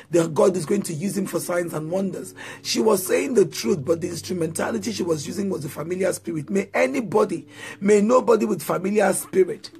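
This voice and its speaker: A man's voice: sits high, gravelly, a little mellow, a little hiss or hum. A man preaching and leading prayer, chanting declarations in a sing-song rhythm and prompting listeners to repeat after him. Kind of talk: sermon prayer.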